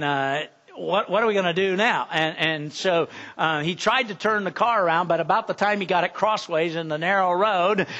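A man's voice: fairly high pitch, fairly bright tone, lo-fi sound. A man preaching a sermon as pastor, talking conversationally, asking the congregation questions and repeating words as he goes.

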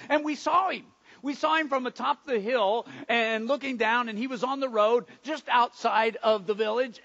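Man playing a high-voiced grateful Samaritan leper. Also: highs cut off, exaggerated voice. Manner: dramatic, stammering restarts, swings between hushed and loud. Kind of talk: first-person biblical dramatic monologue.

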